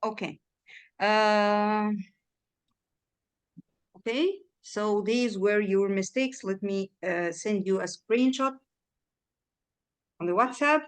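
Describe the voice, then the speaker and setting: A native Arabic speaker tutors a student in English over a video call in a one-on-one online lesson. Her medium-pitched voice is smooth and slow, with frequent pauses, as she patiently drills words and checks that the student understood.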